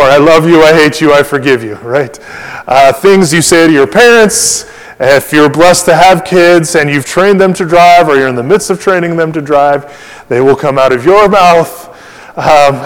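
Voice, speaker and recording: A middle-aged male pastor with a fairly high voice delivers a chatty sermon, stumbling through fillers and restarts as he acts out quoted lines. His voice rings out with the long reverb of a church sanctuary. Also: unhurried. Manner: conversational, many fillers and restarts, animated quoting.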